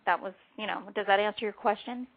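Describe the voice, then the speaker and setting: A woman, a former wrestler, telling animated stories as a guest on a radio interview. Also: mid-range voice, fast, phone-quality sound, slight background noise. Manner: lively, animated anecdotes. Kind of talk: phone-in radio interview, storytelling.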